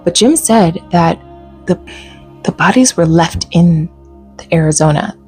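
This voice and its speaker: A woman hosting a casual solo podcast, chatty and animated, laughing often and saying "like" a lot. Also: fairly low pitch, measured pace, breathy edge, faint music behind. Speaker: podcast host. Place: home.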